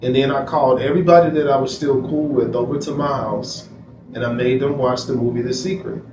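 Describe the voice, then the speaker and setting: A man's voice: medium pitch, steady tone, brisk, recorded from a distance. Interview guest, man, emphatic storyteller, heard from afar in a noisy, echoey room. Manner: emphatic, repeats phrases, quotes himself. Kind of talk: candid personal storytelling.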